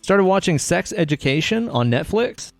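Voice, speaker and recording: A man's voice: sits high, sing-song, moderate pace, no room sound, soft background music. A man co-hosting a podcast in casual chat, enthusiastic and swearing freely as he eagerly recommends things. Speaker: podcast co-host.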